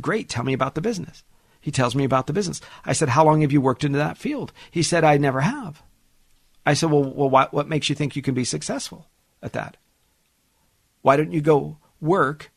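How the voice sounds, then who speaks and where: A man hosting a financial radio talk show, telling a client story in an animated, chatty way with frequent restarts. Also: medium pitch, gravelly, breathy edge, dry recording.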